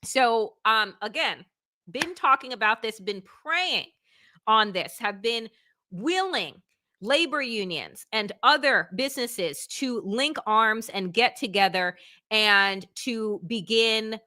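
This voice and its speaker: Woman host, bright clear voice, dry close sound, heated but chatty, reads headlines aloud. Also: on the high side, lively intonation, slow pace, no room sound. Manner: impassioned, conversational, reads news aloud. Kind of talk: live political talk show.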